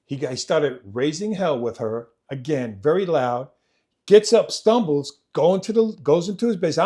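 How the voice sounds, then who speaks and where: A man telling his own life story on a podcast, swinging between loud, animated moments and quiet, low passages, often repeating himself as he goes. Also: moderate pace. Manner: vivid, repetitive retelling that acts out family members' voices. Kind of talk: personal storytelling in conversation.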